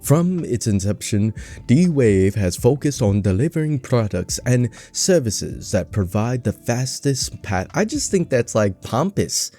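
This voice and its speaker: A man's voice: medium pitch, big pitch swings, a little slow, dark tone, soft background music. A man hosting a casual, jokey stock market vlog, rambling with self-mocking asides.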